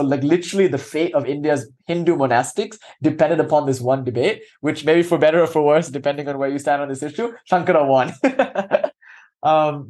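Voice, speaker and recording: Guy teaching a class, kinda high voice, chatty and animated. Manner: casual, many fillers, animated storytelling. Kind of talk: storytelling class talk.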